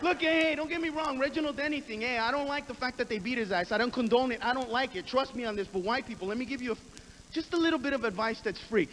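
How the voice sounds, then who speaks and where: A man doing stand-up, brash and profane, riffing fast on stage. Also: very high-pitched, fairly bright tone. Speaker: stand-up comedian. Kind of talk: stand-up comedy routine. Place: live comedy stage. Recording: noisy live comedy recording.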